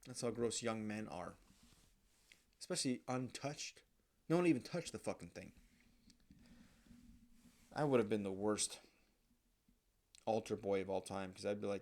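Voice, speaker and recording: A man's voice: on the low side, normal speed, gravelly, long pauses, darkish tone. A young man, host of his own show, telling candid stories in a rambling, profane, casual monologue. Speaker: podcast host.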